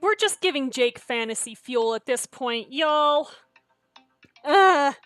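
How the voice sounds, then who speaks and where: A woman's voice: sits high, expressive, slow pace, a bit bright, soft background music. A young woman streaming a story game, reading it aloud and chatting in a self-deprecating way. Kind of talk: reading a visual novel aloud while streaming.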